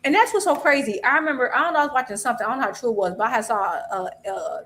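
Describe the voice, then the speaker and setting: A chatty woman co-hosting a live boxing stream, quick to laugh. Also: fairly high pitch, expressive, fairly bright tone, a little hiss or hum. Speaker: boxing podcast co-host. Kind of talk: casual live-stream chat.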